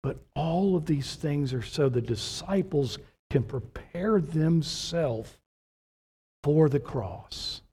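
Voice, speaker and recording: Man, pastor, sermon, slow delivery, dark mellow tone, husky voice, rhetorical questions. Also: on the high side, lively intonation.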